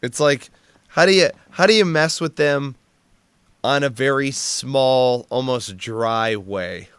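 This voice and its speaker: A man spins loose, profane service stories, laughing often and restarting his sentences. His voice comes through smooth and resonant, and the recording is dry and close, with no room sound. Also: medium pitch, slow, fairly bright tone, no echo. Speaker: podcast guest, Marine veteran. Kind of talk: casual storytelling chat.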